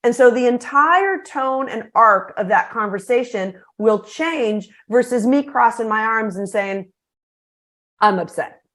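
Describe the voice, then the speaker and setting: A middle-aged woman talks as a podcast guest, lively and animated as she explains her ideas. Her voice sits a little high for a woman, and her delivery stays bright and upbeat. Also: a little slow, few pauses. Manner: energetic, animated storytelling. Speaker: guest speaker. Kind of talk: podcast interview.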